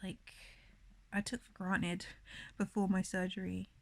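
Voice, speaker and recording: A woman's voice: medium pitch, little pitch movement, unhurried, creaky, dry recording. A young woman vlogging to camera, rambling and emotional, near tears, with many fillers. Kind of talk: casual confessional vlog.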